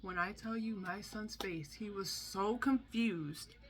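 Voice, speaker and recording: A woman's voice: medium pitch, slow, slight background noise. A young woman telling a candid storytime about her son's hospital stay, talking chattily and acting out the people she quotes. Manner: chatty, animated, acts out quotes.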